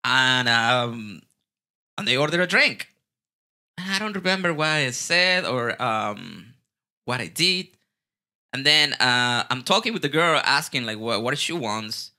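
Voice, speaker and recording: Man, mexican spanish accent, very bright forceful tone, lively casual storyteller, repeats himself, swears casually. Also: mid-range voice, a little slow. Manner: animated, restarts and repeats words, swears casually. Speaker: guest bartender.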